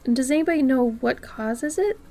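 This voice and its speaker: A woman artist chatting casually with her live-stream viewers, often dropping to a soft near-whisper and breaking into excited exclamations. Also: sits high, brisk, soft background music.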